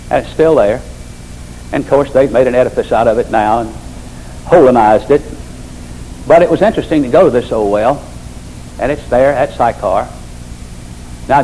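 A man's voice: mid-range voice, dark tone, a little hiss or hum, poor audio. An older man preaching a sermon, telling folksy stories with emphatic repetition.

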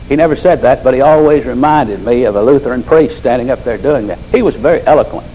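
A man's voice: mid-range voice, fast talker, few pauses, mellow, slight background noise, rough recording. An older man preaching a sermon, telling folksy stories with emphatic repetition.

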